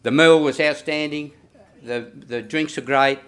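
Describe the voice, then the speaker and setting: A man's voice: a little high, fairly even intonation, unhurried, fairly bright tone, smooth. A middle-aged man with an Australian accent giving a rambling, jokey father-of-the-groom wedding speech, full of fillers and restarts. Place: wedding reception venue.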